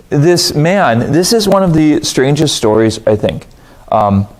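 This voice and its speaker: A man teaching a Bible study in a relaxed, conversational way. His voice sits a little high and swings widely in pitch, jumping up when he acts out a reaction. He keeps asking his listeners questions. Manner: asks the audience rhetorical questions.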